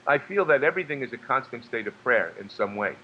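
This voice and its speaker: A man from New York speaks at an ordinary pitch, telling stories haltingly and circling back with fillers and repeated words. His voice comes through slightly dull remote audio with a faint hum behind it. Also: animated. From New York, USA. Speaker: guest, actor and singer. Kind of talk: casual storytelling interview.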